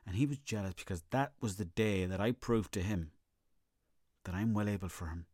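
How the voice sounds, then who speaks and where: A man's voice: fairly low pitch, moderate pace, a little mellow, dry recording, clean studio sound. A young Irish man hosting a comedy podcast, telling rambling, profane stories in a casual monologue. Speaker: podcast host.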